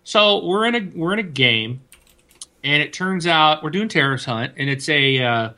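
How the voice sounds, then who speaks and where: A man co-hosting a casual gaming podcast, an animated storyteller whose voice climbs high when he retells yelling at a friend. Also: normal speed. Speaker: podcast co-host. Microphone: desk mic, loosely mounted.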